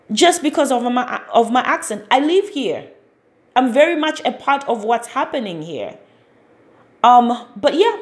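Slow-talking earnest woman, high voice. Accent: non-American, accent remarked on. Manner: earnest, emphatic, rhetorical questions. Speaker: podcast host. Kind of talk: casual commentary monologue.

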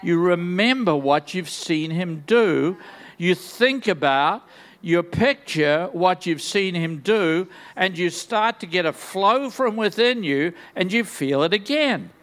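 A man's voice: high-pitched, animated, slow, fairly bright tone. An older man preaching a sermon in a large church, enthusiastic and full of joking, self-deprecating asides. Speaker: guest preacher.

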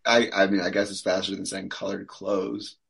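A man, co-hosting a casual podcast, rambling through stories and tangents with a relaxed, chatty manner. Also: sits low, normal speed, vocal fry, rough recording. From Michigan. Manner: rambling, laughing, storytelling. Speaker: podcast co-host.

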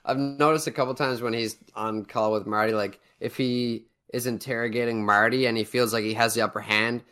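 A man's voice: mid-range voice, fairly even intonation, brisk, pushed and bright, clear, resonant tone. A young man co-hosting a podcast in casual chat, laid-back and agreeable, often trailing off. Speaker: podcast co-host.

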